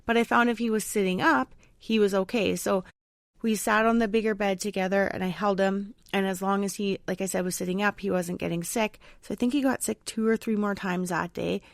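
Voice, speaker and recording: A woman's voice: mid-range voice, steady tone, brisk, dry recording, clean studio sound. A woman podcast host and mother chatting casually through a personal story, rambling with lots of fillers. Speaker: mother of a young child.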